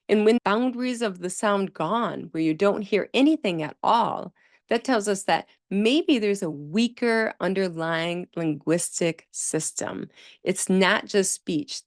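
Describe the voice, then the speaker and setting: Speaking at a medium pitch in a studio-quality recording with no echo, a woman hosts a speech therapy podcast on her own. She's a speech-language pathologist who explains in a conversational, emphatic style.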